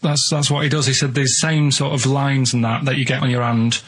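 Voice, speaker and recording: A man on a radio show telling odd stories in a halting, deadpan way, full of restarts. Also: medium pitch, husky. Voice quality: plain flat way of speaking, halting with many restarts. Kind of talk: rambling deadpan storytelling. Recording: noisy radio studio recording.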